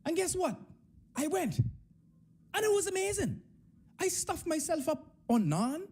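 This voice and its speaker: Young Bahamian male storyteller, animated delivery, warm dark tone. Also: unhurried. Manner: animated, swings between high and low pitch. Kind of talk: comic personal storytelling.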